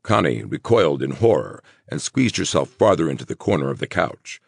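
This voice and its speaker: A man narrating a horror audiobook in a measured storytelling manner. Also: very deep voice, very animated, gravelly, slightly rough, no echo, clean studio sound. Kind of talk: scripted narration.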